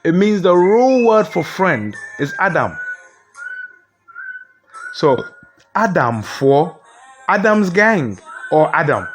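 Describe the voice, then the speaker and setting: A man with a Ghanaian accent giving a comic mock lecture, explaining word by word and asking rhetorical questions. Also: a little high. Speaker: comedian.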